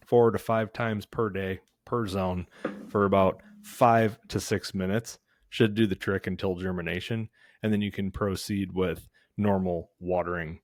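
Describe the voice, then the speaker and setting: A man with a fairly low voice walks through lawn care steps in a relaxed, chatty way. He leans on filler words and restarts as he explains. The sound is dry and close. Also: no echo. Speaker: lawn care podcast host. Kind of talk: casual instructional talk.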